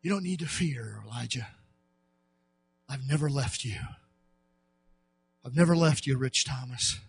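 God as a hushed tender spirit, put on by a preacher. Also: male voice, mid-range voice, lively intonation, measured pace, gravelly, husky, voice pushed down, heavily acted. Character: God, a gentle fatherly male spirit.

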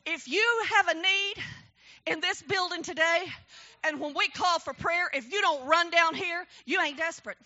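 A woman with a very high, bright voice preaching a testimony from a church pulpit. She drops low to tell her story, then rises into shouted, emphatic preaching. The recording sounds dull and muffled. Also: normal speed. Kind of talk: testimony sermon.

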